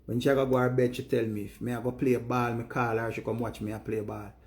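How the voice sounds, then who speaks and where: A man's voice: medium pitch, little pitch movement, fast. Earnest Jamaican man speaking Patois. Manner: earnest, preachy Patois rant. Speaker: live streamer. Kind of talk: casual monologue to viewers.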